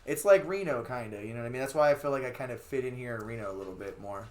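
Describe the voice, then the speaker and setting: A young man from Los Angeles, a beatmaker guest in a casual interview, talking in a profane, rambling way that turns loud when he gets excited. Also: medium pitch, very fast, a loud crowd. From Los Angeles, USA.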